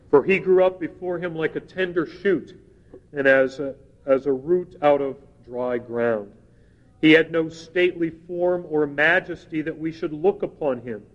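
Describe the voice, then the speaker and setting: Slow, earnest male preacher in a reverberant hall. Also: a little high. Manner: slow, measured scripture reading with earnest emphasis. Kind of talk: sermon reading scripture. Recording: dull sound with long hall reverb.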